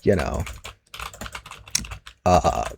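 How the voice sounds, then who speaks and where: A man voicing an ageless, boastful male general who was secretly posing as a president, confessing his deeds in a casual, matter-of-fact way. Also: very slow. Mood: confessional. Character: Trump unmasked as immortal Ulysses S. Grant, male, boastful. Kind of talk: comedic monologue role-play.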